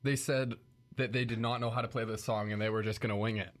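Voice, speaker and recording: A man's voice: on the low side, fairly even intonation, fast. A young man who is a guest on a casual radio show, speaking in a laid-back, slightly sheepish way from a small studio.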